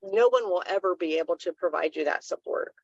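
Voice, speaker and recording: A woman's voice: fairly low pitch, big pitch swings, fairly quick, gravelly, no room sound, lo-fi sound. A woman co-hosting a live wellness talk stream, giving earnest advice in a casual, rambling way.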